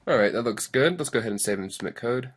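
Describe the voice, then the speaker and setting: A man's voice: mid-range voice, lively intonation, fast, breathy edge. A young man casually talking through a coding tutorial, reading steps aloud and rambling into self-deprecating asides. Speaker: tutorial host.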